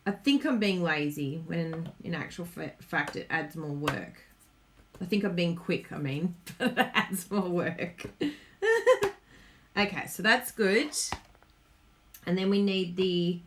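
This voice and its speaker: A woman's low, slightly bright voice comes through with a little hiss or hum, slow and marked by long pauses. She's Australian, hosting a live card-making demo, chatting and giggling with viewers and reading their comments aloud as she crafts.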